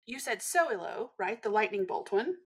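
A woman's voice: medium pitch, sing-song, moderate pace, breathy edge. A woman guest in casual podcast chat, explaining things bluntly and teasing her host dryly.

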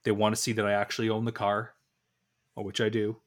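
A man's voice: on the low side, a little fast. Man, podcast co-host, chatty storyteller, acts out dialogue. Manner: rambling anecdotal storytelling with many restarts and animated quoted dialogue. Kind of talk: casual podcast chat.

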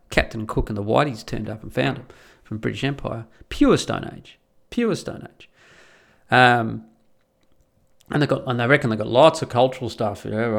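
Casual male ranter, gravelly, rambling and profane, mid-pitched. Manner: profane, rambling, with many restarts. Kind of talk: casual rant.

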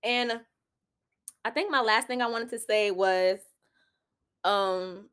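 A woman's voice: a little high, animated, slow pace, pauses often, clean tone. A young woman, hosting a solo podcast and giving candid, preachy advice full of "like" fillers. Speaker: podcast host.

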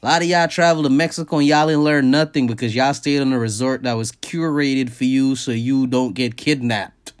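A man hosting a podcast, ranting casually and profanely, jumping up high in pitch to stress his points. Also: moderate pace, few pauses. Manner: profane, animated, jumps high in pitch for emphasis. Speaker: podcast host. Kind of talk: casual comedic rant.

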